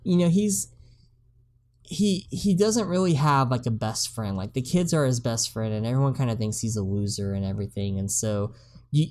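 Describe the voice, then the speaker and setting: A woman with a strikingly low voice recaps a movie in loose, casual chat. She rambles with plenty of fillers and laughs, sounding like a podcast co-host talking to a friend. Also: darkish tone.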